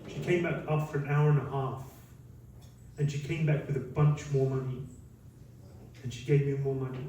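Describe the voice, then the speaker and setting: A man, a monk, telling lively stories in a talk and acting out what people said. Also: mid-range voice, moderate pace, slight background noise. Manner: lively anecdotal storytelling, acts out quotes. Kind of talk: storytelling talk. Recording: very echoey hall, mic at a distance.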